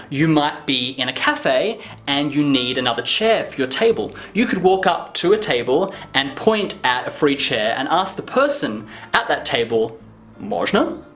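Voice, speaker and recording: A man explains everyday foreign words in a relaxed, casual lesson. His pitch swings widely, climbing high whenever he acts out what someone would say. A faint bed of music plays behind him. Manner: lively, exaggerated high pitch on example phrases. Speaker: language teacher.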